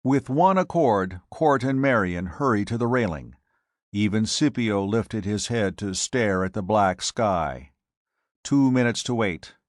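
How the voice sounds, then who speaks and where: A male audiobook narrator with a low voice and a slow, measured, dramatic delivery. The recording is dry and close, with no room sound. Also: expressive, no echo.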